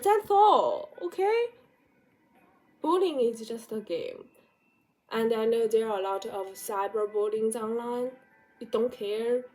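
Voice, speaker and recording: High-voiced woman giving blunt advice. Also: a little mellow. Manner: direct, repetitive, rhetorical questions. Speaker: vlogger giving life advice. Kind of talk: motivational talk to camera.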